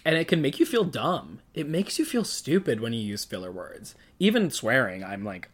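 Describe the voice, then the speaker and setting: A young adult in their early twenties hosts a solo podcast in a loose, casual way. The talk drifts and rambles, full of self-aware asides and frequent giggling, in a middle-pitched voice. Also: very animated, normal speed, hardly any pauses, slightly rough. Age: early 20s. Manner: rambling, giggly, laughs often; self-conscious, chatty, talks to self. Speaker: podcast host.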